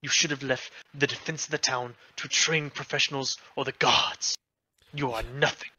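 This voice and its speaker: A man's voice: mid-range voice, moderate pace, sharp tone. A man voicing a scornful rich father. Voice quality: scornful, lecturing. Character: overbearing wealthy father, middle-aged man, contemptuous.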